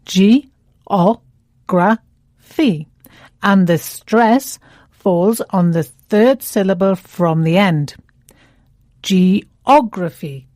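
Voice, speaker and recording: A woman presenting an English lesson in a scripted dialogue, speaking clearly and deliberately and stretching words out to show their stress. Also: mid-range voice, darkish tone, no echo, clean studio sound.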